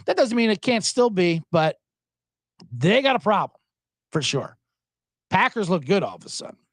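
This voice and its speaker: A man's voice: high voice, sing-song, moderate pace, no room sound. A man hosting a sports podcast, ranting with profanity, chuckling asides and plenty of energy. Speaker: podcast host. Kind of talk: profane sports commentary rant.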